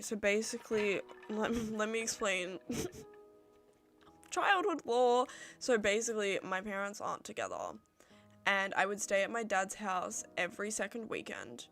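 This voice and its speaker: A woman's voice: a little high, expressive, measured pace, fairly bright tone, faint music behind. A young Australian woman chatting casually on a livestream, answering viewer questions in a rambling way and acting out little exchanges with her friends.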